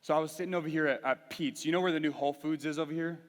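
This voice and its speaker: A man's voice: fairly high pitch, fairly even intonation, rapid-fire. A young man preaching to a youth group, telling a personal story candidly and earnestly, with frequent restarts. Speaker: youth pastor. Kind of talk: sermon. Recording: reverberant hall.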